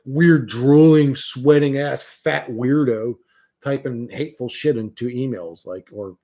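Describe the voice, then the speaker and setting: Man, livestream host, dark mellow voice, blunt, foul-mouthed, rambling casual chat. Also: medium pitch, a little slow. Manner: profane, blunt, rambling with restarts.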